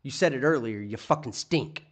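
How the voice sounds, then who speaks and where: A man's voice: mid-range voice, normal speed. A man hosting a live stream, ranting in profane, scornful commentary. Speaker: streamer host.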